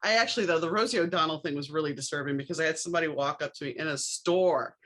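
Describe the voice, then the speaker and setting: A woman's voice: deep voice, racing. A woman from New Orleans hosting a podcast, telling anecdotes in a casual, wry way and acting out the dialogue. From New Orleans, USA. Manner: animated storyteller, acts out dialogue with wry asides. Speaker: podcast host. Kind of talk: casual storytelling chat.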